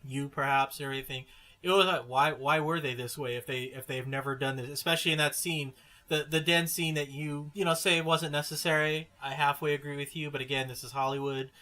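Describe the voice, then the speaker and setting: Bright-voiced man chatting about a movie. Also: a little high, steady tone, brisk. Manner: chatty, restarts words often. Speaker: podcast co-host. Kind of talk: casual movie review chat.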